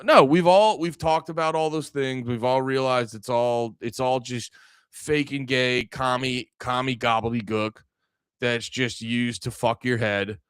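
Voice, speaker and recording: A man hosts a livestream and rants angrily, swearing often and stumbling through restarts. His mid-pitched voice is smooth and full. The sound is dry and close to the mic. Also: a little slow, dry recording. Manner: angry, profane, rambling with frequent restarts. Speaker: livestream podcast host. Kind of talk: ranting livestream talk.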